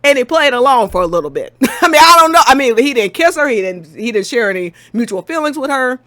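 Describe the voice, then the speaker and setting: A woman co-hosting a casual game discussion, ranting in an animated, exasperated way and breaking into laughs. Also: high-pitched, fast, dry recording. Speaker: podcast co-host.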